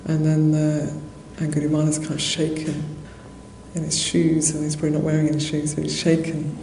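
A Buddhist nun giving a dharma talk in a monastery hall, telling a story conversationally with soft laughs and many fillers. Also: female voice, deep voice, monotone, moderate pace. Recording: roomy hall echo, faint noise.

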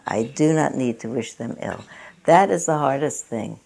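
A woman's voice: extremely low pitch, lively intonation, moderate pace, vocal fry, warm tone. A woman meditation teacher giving a dharma talk at a meditation center, chatty and self-mocking, often laughing at herself.

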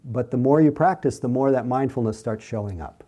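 A man teaching mindfulness to a class and answering questions in a gentle, unhurried, soothing way. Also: mid-range voice. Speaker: meditation teacher.

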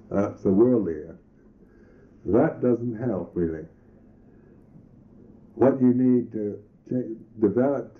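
A Buddhist monk teacher giving a reflective meditation talk, pausing and restarting his phrases often. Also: medium pitch. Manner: slow, reflective, halting with restarts. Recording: tinny lo-fi old recording.

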